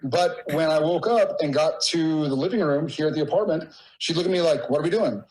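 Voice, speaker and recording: Male guest, 30s, slightly higher voice, warm rambling storyteller who gets choked up. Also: brisk, rough recording. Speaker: podcast guest. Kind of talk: casual conversation.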